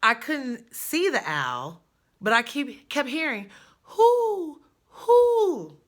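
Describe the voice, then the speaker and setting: A woman telling a personal story in a chatty, animated way, jumping high with excitement in places. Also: slow pace.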